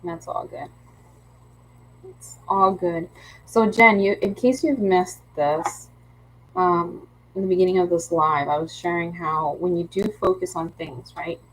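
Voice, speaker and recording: A woman's voice: lowish voice, measured pace, low-quality recording. Chatty woman with a Philly accent. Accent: Philadelphia. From Philadelphia. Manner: rambling and chatty, restarts often, laughs easily. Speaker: craft teacher hosting a live stream. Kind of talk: casual livestream chat.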